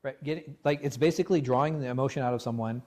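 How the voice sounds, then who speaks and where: A man leading a religious class discussion as imam, animated and full of rhetorical questions, often restarting his words. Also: mid-range voice, rapid-fire. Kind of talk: interactive religious class talk. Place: mosque class room.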